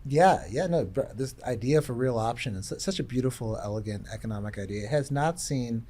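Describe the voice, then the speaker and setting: A man explaining ideas in a casual panel discussion. He talks thoughtfully and haltingly, restarting phrases and leaning on fillers as he works through a point. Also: medium pitch, expressive, dark tone, a little hiss or hum. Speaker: guest tech executive.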